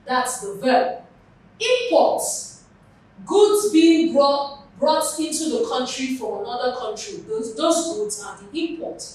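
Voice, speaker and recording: A woman's voice: high-pitched, animated, a little slow, a little mellow. A woman with a Nigerian accent teaching English for an exam, explaining patiently with examples. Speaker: English tutor. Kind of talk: exam prep lesson. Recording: very echoey room, mic far off.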